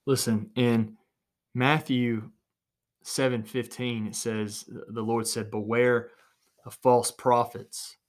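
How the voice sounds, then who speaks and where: A man's voice: medium pitch, little pitch movement, slow pace. A man preaching an earnest recorded sermon alone in his small office, repeating phrases for emphasis.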